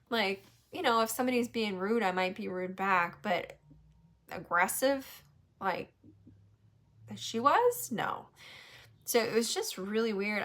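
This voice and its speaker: A woman from New Hampshire hosts a casual chat and tells a story with lots of swearing and laughter. Her voice sits at an ordinary middle pitch and swings up sharply when she gets worked up. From New Hampshire, USA. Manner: animated, swearing, laughs often. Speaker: podcast host.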